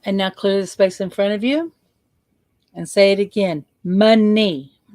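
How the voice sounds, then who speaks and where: A woman coach leading a guided visualization, slow and playful, repeating words for emphasis. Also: medium pitch, a little mellow, dry recording.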